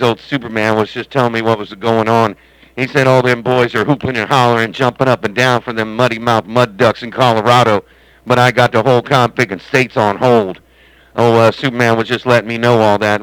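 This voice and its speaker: A man's voice: mid-range voice, steady tone, a little fast, fairly bright tone, clean tone, no echo, rough recording. A man hosting a CB radio stream from his home base station, chatting in a rambling, joking, folksy way. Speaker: CB radio operator and stream host. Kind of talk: casual radio chat.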